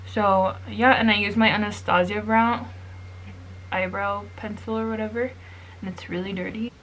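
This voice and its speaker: A woman's voice: mid-range voice, steady tone, normal speed, fairly bright tone, slight background noise. A young woman telling a story in a casual, chatty way while doing her makeup, swearing freely and slipping in Spanish phrases. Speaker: beauty vlogger.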